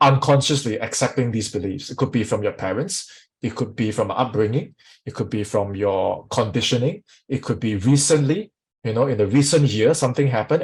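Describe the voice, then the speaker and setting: A man as a sales coach teaching a live online workshop, energetic and often putting questions to the audience. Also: medium pitch, husky, poor audio.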